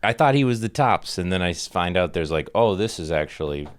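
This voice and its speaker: A man with a low voice chats as a podcast co-host. He speaks hesitantly, stopping and restarting as he works out what he wants to say. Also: animated. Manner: hesitant, halting speech. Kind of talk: casual podcast chat.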